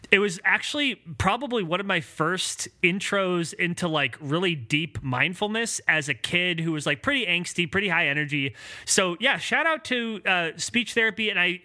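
A young man co-hosting a casual podcast, animated and quick with laughing asides. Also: high-pitched. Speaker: podcast co-host.

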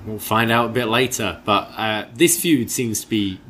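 Bright-voiced young man with faint hiss. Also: on the low side. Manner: measured, hedging opinions with fillers. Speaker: podcast co-host. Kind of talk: casual review chat.

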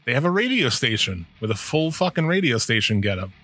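A man's voice: medium pitch, very animated, a little fast, bright, forceful tone, soft background music. A man co-hosting a podcast, chatting loosely with lots of swearing, rambling and trailing off mid-thought. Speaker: podcast co-host. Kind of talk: casual profane chat.

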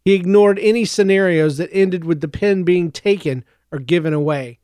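Guy narrating a story, smooth higher voice, dry close mic. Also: normal speed, a little mellow, no echo. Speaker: audiobook narrator.

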